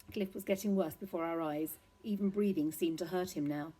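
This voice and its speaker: Give me a woman reading a children's novel, low and mellow, a touch husky. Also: a little fast, few pauses, rough recording. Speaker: reader.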